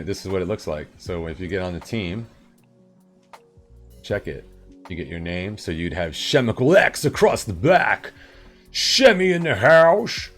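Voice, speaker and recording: A man live-streaming and chatting casually with viewers, rambling and upbeat in his morning voice. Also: low voice. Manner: rambling and upbeat, with sudden loud bursts.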